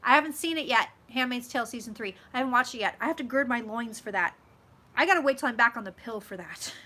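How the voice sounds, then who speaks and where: She talks fast here, with a bright, forceful voice pitched a little high. The young psychic is hosting a relaxed live stream from home, reading out comments, gushing, and swearing without restraint.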